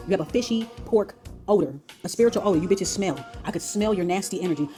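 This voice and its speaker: A woman rants in a confrontational, profane stream. Her words come very fast over faint background music, pitched at an ordinary middle level. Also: warm tone. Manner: profane, confrontational, rapid ranting. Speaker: tarot channel host. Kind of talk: heated commentary on played clips.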